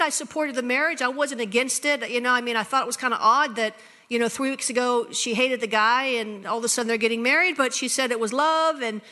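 A middle-aged woman pastor tells a personal story from the pulpit, slipping into the voices of both sides of a conversation. Her voice is high and bright. The sound carries a long reverb from a large hall. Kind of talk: sermon storytelling.

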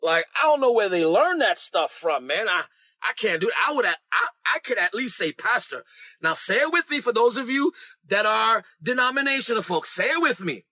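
High, bright-voiced male preacher. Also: big pitch swings, normal speed. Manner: emphatic, repeats lines for the crowd to echo. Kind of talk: sermon.

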